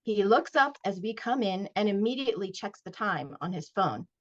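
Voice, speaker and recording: A woman author reading aloud from her middle-grade novel at a virtual launch event, expressive in the first person, with short casual recaps. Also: medium pitch, moderate pace. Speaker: children's book author. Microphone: video call. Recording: dull lo-fi video call audio.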